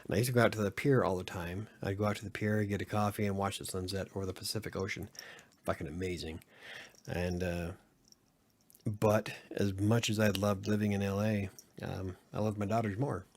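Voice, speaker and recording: A man's voice: lowish voice, fairly even intonation, brisk, darkish tone. A middle-aged man from Utah, hosting a casual late-night podcast chat, talking candidly and rambling with plenty of swearing and filler words. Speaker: podcast host.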